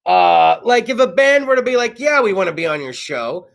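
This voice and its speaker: A man's voice: high-pitched, big pitch swings, moderate pace, vocal fry, fairly bright tone. A man in his thirties from California hosting a casual talk show, rambling and profane. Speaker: host. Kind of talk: casual monologue. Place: studio.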